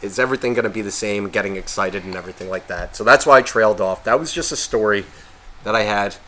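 A man co-hosting a podcast, telling a story in a casual, profane, animated way and acting out quotes. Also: lowish voice, fast talker. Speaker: podcast co-host.

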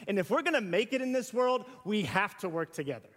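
High-pitched guy preaching, chatty, acting out little examples, big church echo. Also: very animated, fast, a bit bright. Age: young adult to middle-aged. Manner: conversational, with rhetorical questions and acted-out examples. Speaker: pastor. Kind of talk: sermon. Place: church sanctuary. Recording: hall reverb.

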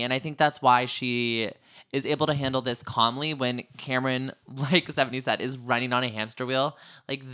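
A man co-hosting a casual podcast, recapping a reality show with a chatty, animated manner. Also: mid-range voice, smooth. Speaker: podcast co-host.

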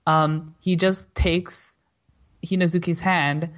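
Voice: mid-range voice, flat delivery, slow, a bit bright. A panelist in a casual group chat who talks hesitantly with many fillers and poses questions. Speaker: podcast panelist. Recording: voice distant from the mic.

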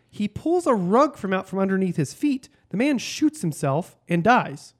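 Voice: medium pitch, sing-song, moderate pace, hardly any pauses. Podcast co-host, casual chat, storytelling, hesitant.

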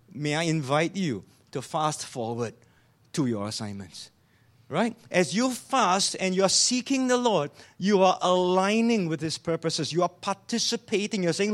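A man preaches in a high, light voice. His delivery is earnest, built on rhetorical questions, and it often sinks low and soft. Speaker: pastor. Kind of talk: sermon.

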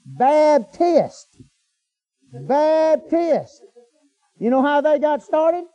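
A man's voice: extremely high pitch, lively intonation, moderate pace, dark tone, dull audio, soft background music. A middle-aged man preaching a storytelling sermon in a folksy, colloquial way, breaking into hallelujahs.

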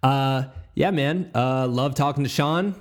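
Male podcast host, middle pitch, slow casual rambling delivery. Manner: rambling, laughs easily, trips over words.

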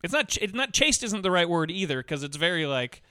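A man's voice: sits high, sing-song, brisk, pushed and bright, clean tone, dry recording, clean studio sound. A man co-hosting a podcast, chatting casually and enthusiastically about movies, rambling a little as he talks. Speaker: podcast co-host. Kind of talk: casual movie review chat.

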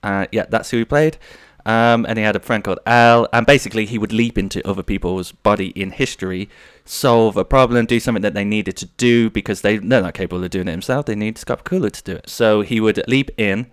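A man in his thirties hosts a podcast on his own, his voice on the low side, smooth and fairly quick. He rambles through jokey anecdotes and slips into silly voices, all captured in clean studio sound with no echo.

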